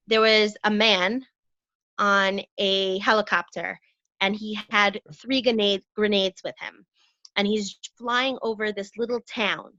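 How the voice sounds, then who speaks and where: A woman's voice: mid-range voice, pushed and bright, no echo. A middle-aged woman chatting casually as an interview guest, telling a long joke with many fillers and restarts. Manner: jokey storyteller, lots of fillers and restarts. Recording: dull lo-fi call audio.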